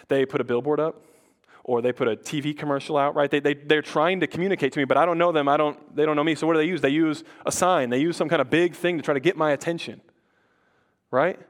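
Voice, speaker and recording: A young male pastor giving a loose, conversational sermon. His voice sits a little higher than most men's. He talks casually, full of "like" and quick restarts. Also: fairly even intonation. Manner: casual and chatty, with frequent "like" and stuttered restarts.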